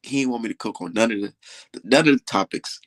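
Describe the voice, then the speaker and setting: A man's voice: mid-range voice, quick pace, no echo. A young man hosting a livestream, ranting in a boastful, dismissive way with heavy swearing. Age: young adult. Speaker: livestream host. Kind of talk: profane livestream rant.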